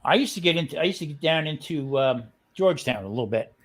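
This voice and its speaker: Older male co-host, rambling anecdotes, animated pitch, slightly high voice. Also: quick pace. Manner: rambling storyteller, jokey. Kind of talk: casual chat.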